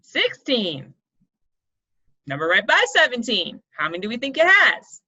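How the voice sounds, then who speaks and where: A woman's voice: a little high, huge pitch swings, a little slow, pushed and bright, slightly rough. A young woman coaching kids through an online poetry lesson, explaining step by step and checking in often. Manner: encouraging, explains step by step, checks in with "right?" and "okay?". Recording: dull lo-fi sound.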